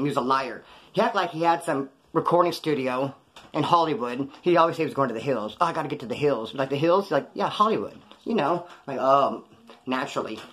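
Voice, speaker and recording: A man's voice: on the high side, a bit bright. A middle-aged man, a former prisoner, telling a crime story in casual, profane street slang, rambling between asides. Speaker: ex-convict storyteller.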